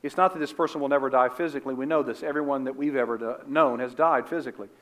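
A man preaching a sermon with earnest conviction. He keeps a middling voice that sinks soft and low for tender moments and swells into emphatic bursts, with loose asides along the way. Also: racing. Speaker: pastor.

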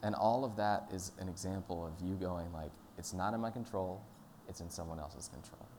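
A man giving a sermon at church in a relaxed, conversational, storytelling manner. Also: sits low, normal speed, a little hiss or hum. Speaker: pastor.

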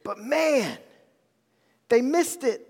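A man's voice: very high voice, expressive, extremely slow, darkish tone, breathy edge, big-room sound. A man preaching a sermon, with emphatic repetition and casual slang.

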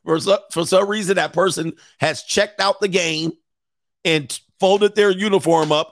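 A man's voice: high-pitched, a little slow, no room sound, clean studio sound. A man hosting a casual livestream as a coach, joking crudely, laughing often and acting out other people as he tells stories. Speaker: host and dating coach.

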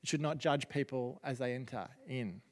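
A man's voice: medium pitch, moderate pace, a little mellow. A man, a pastor giving a chatty, self-deprecating sermon with many restarts. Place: church. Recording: long reverb of a large hall.

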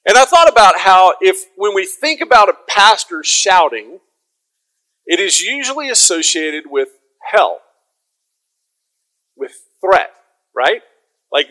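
A man preaching a sermon, conversational and casual, then rising to loud proclaiming. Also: high voice, low-quality recording. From American South. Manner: conversational, swings from soft asides to loud proclaiming.

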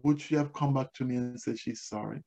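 A man's voice: mid-range voice, brisk, gravelly, dark tone, low-quality recording. A man preaching a sermon as pastor, telling personal stories and repeating key phrases for emphasis. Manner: tells personal stories to make points.

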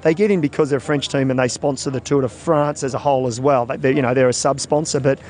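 A man's voice: mid-range voice, fairly even intonation, quick pace, darkish tone. A man co-hosting a cycling podcast, bantering and laughing as he chats. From Australia. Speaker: podcast co-host. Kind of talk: casual chat.

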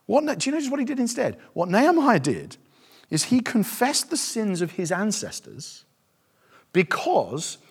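A male preacher giving a sermon with passion, swinging from hushed, reflective stretches to loud, fervent appeals. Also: high-pitched, husky.

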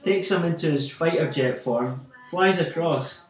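A man, a podcast host, retells a comic story in an animated, casual way with frequent fillers. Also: a little high, unhurried. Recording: echoey room with faint music.

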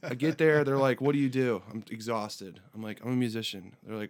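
A man in casual conversation, telling a long story with lively energy. He speaks at a middle pitch and lifts his voice when he mimics other people. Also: fast. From United States. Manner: animated anecdote teller, voices border guards with raised pitch. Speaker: musician guest.

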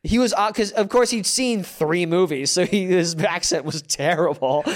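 A man's voice: high voice, moderate pace. A man from the US, a comedian, telling stories in a casual chat and laughing as he goes. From United States. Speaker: comedian guest.

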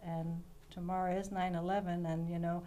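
A woman in her fifties from Denmark speaks as a guest on a radio show, her voice sitting a little low. She talks in an earnest, heartfelt way, with faint noise behind her. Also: flat delivery, normal speed, mellow. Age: 50s. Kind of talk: casual radio interview.

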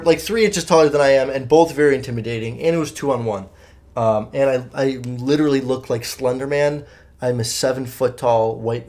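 With a mid-range, somewhat dark voice, this young podcast host talks alone in a casual monologue. He rambles through his stories, swearing freely and leaning on lots of filler.

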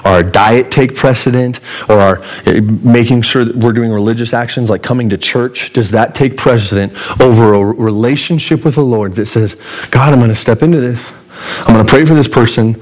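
A man from Colorado preaching a sermon, telling a personal story and acting out his own panic in a strained, high voice. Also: fairly quick, darkish tone, rough recording. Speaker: pastor.

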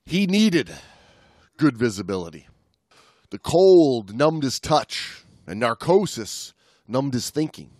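A man's voice: mid-range voice, no echo, studio quality. A man co-hosting a history podcast, chatting loosely and reading a rescue account aloud. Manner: relaxed, with many fillers and restarts. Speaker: podcast co-host. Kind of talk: casual chat and read history narration.

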